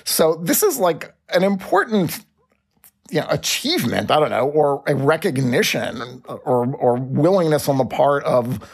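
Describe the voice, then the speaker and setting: A man's voice: a little high, very animated, a little slow, vocal fry. A man co-hosting a sports podcast, making pointed, argumentative points in casual chat. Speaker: podcast co-host.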